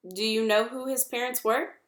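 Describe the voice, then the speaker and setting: Woman voicing an old gray goose, stern, bossy, brisk, storybook reading. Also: on the high side, steady tone, echoey room, natural voice. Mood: scolding. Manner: brisk, scolding. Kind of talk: storybook read-aloud.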